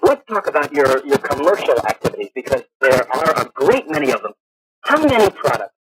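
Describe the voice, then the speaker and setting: Eager halting male radio host. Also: mid-range voice, very animated, noisy background. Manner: eager, halting, many restarts. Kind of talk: casual interview.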